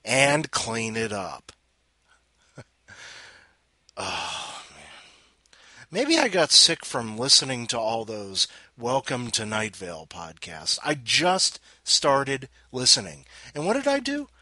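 Bright, slow-talking profane podcast host. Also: male voice, mid-range voice, big pitch swings, no room sound. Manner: blunt, profane, sardonic. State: sick and tired. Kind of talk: casual monologue.

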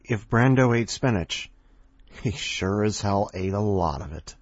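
Husky guy hosting a podcast, rambly, kinda self-deprecating, dull lo-fi audio. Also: lowish voice, lively intonation, a little slow, no room sound. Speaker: podcast host.

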